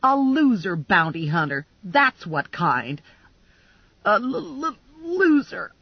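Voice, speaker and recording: A frazzled young bounty hunter, voiced by a woman reader, talks in a husky voice that leaps high and low. She sounds shrill and self-mocking, recorded dry and a little dull. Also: very animated, a little slow, no room sound. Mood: hysterical.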